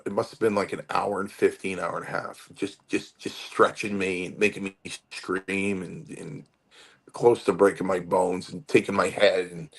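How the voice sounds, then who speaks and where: Low-voiced man, fifties, from Connecticut, rambling interview storyteller. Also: creaky, husky. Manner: rambling, animated storytelling with restarts. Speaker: guest wrestler.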